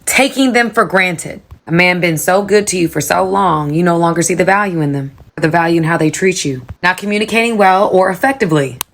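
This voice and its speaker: A woman gives advice in an instructive monologue, speaking directly to her audience. Her voice is on the low side for a woman. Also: brisk, hardly any pauses.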